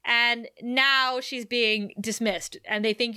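Bright, high-voiced woman recapping a show. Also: slow, clear, resonant tone, dry recording, clean studio sound. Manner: animated, laughs often, acts out quoted lines. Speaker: podcast co-host recapping a TV episode. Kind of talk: casual chat.

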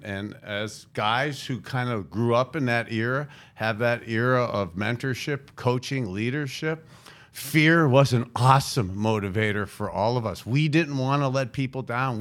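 A man's voice: mid-range voice, fairly bright tone. A middle-aged man co-hosting a talk show in a studio, chatting with jokey, affirming remarks. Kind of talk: casual talk show banter. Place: radio studio.

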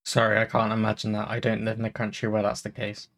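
A man's voice: fairly low pitch, monotone, fast talker, vocal fry, a bit bright. Chatty man rambling with fillers. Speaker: podcast co-host and streamer. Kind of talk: casual chat.

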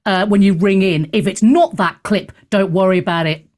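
A woman hosting a talk show, chatting casually in an animated, sarcastic and theatrical way. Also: mid-range voice, normal speed. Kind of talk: casual opinionated chat.

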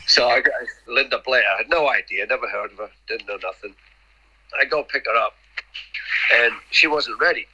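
A man's voice: fairly low pitch, a little fast, bright, forceful tone, breathy edge, low-quality recording. A middle-aged man, a podcast guest rambling through anecdotes, repeating words and acting out the dialogue. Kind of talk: casual anecdotal storytelling.

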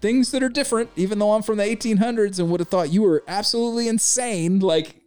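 A man putting on a hearty, old-fashioned man raising a toast, pitched up and exaggerated. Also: fast, a little mellow, clear, resonant tone, soft background music, close to an everyday voice. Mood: mock-hearty. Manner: exaggerated, high and booming.

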